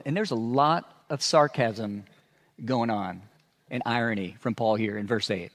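A man's voice: mid-range voice, moderate pace. A man preaching a sermon as a pastor, telling stories and acting out sarcastic asides. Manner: animated storytelling with sarcastic asides.

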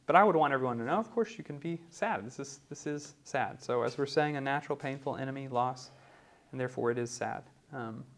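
A man preaching in a conversational teaching style, often pausing with "um" and asking "right?". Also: mid-range voice. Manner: conversational, many ums and rhetorical "right?". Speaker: pastor teaching a class. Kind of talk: teaching sermon.

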